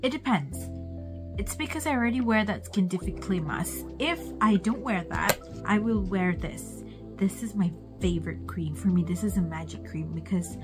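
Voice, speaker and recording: A young woman vlogging her night routine in a chatty way, often dropping to a whisper. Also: medium pitch. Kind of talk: casual vlog narration.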